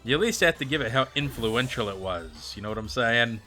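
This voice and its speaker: With faint music behind him, a man chats casually on stream, naming viewers as he answers them and rambling with plenty of fillers. He speaks a little fast in a medium-pitched, expressive voice with a sharp tone.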